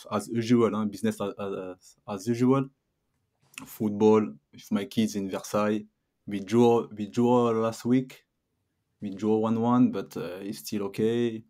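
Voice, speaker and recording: A man's voice: on the low side, darkish tone. Hesitant man speaking careful English. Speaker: podcast co-host. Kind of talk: casual chat.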